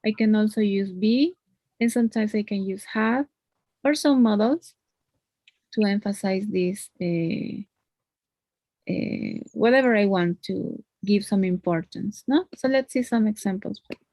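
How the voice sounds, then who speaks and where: A woman's voice: medium pitch, unhurried, warm tone, no room sound. A woman teaching English one-on-one. She explains patiently and often ends points with a questioning "no?". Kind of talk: one-on-one online lesson.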